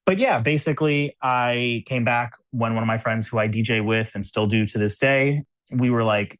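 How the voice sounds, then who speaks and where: An American cube designer, appearing as a podcast guest in New York City, talks casually in a conversational interview, using lots of "like" and "you know" and laughing often. His medium-pitched, slightly bright voice moves at a moderate pace with hardly any pauses, on a dry recording.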